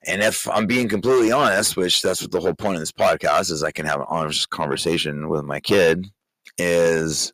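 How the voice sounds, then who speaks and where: Low-voiced man, candid emotional podcast talk. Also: fairly bright tone, dry recording, low-quality recording. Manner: candid and emotional, halting with restarts. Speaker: podcast host, father speaking to his daughter. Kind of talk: personal podcast monologue.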